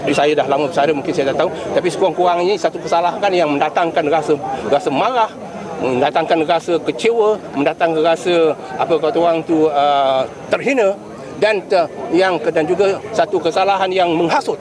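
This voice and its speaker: A man's voice: a little high, fast. An older man with a Malaysian accent, a retired police chief speaking indignantly to the press outdoors, repeating his points for emphasis. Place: outdoors in a city among a crowd. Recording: outdoor press scrum with crowd noise.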